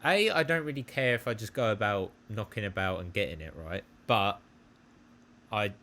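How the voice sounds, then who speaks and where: Bright-voiced young guy. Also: fairly low pitch, moderate pace. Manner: animated storyteller, swears freely. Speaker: podcast co-host. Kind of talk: casual chat. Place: at home. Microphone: remote call from home.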